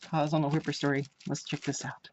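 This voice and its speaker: A woman's voice: deep voice, flat delivery, brisk, a little mellow, a little hiss or hum. A woman vlogger chatting casually while unboxing crafts, gushing and repeating her praise. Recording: dull lo-fi home recording.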